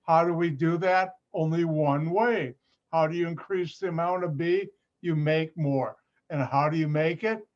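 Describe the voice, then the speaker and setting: Man, chemistry lecturer, online class, slow deliberate delivery, muffled sound. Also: high-pitched. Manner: patient, repetitive explaining with playful asides. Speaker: chemistry professor. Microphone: computer mic on a video call. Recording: muffled lo-fi video call audio.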